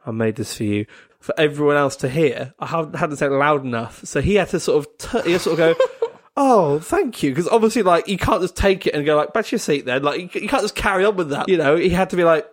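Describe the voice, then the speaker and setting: A man, a comedian, telling a rambling, self-mocking story, full of fillers and laughing often at himself. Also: fairly high pitch. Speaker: comedian guest. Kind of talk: casual anecdote telling.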